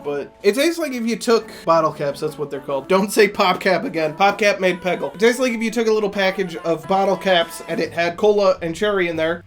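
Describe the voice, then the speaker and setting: A man giving casual, blunt taste-test commentary as a streamer, sarcastic and swearing freely. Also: high voice. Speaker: streamer taste-testing canned cocktails.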